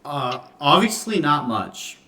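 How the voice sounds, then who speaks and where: A man's voice: on the high side, big pitch swings, takes it slowly, sharp tone. A man in casual chat making dry, teasing remarks. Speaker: player.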